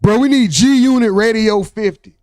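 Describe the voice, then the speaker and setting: A male host giving casual commentary on rap news, loud and profane, heckling and reacting in bursts. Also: high voice, moderate pace, smooth, dry recording, clean studio sound, faint music behind.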